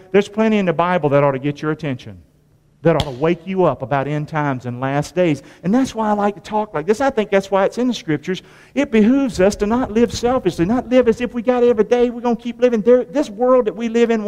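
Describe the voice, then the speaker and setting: A high-voiced man preaches from the pulpit, his sermon ringing with the long reverb of a church hall. In a folksy call-and-response manner he questions the congregation, repeating phrases with abrupt rises and drops.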